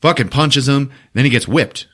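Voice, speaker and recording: A man hosting a podcast, giving a profane, animated comic retelling of a movie. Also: mid-range voice, normal speed. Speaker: podcast host.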